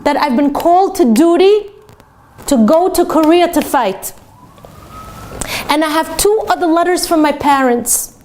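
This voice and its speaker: A woman's voice: high-pitched, a little slow, pauses often, a little mellow, a little hiss or hum, pitched above the performer's own voice. A woman voicing a nervous young soldier pleading anxiously for help.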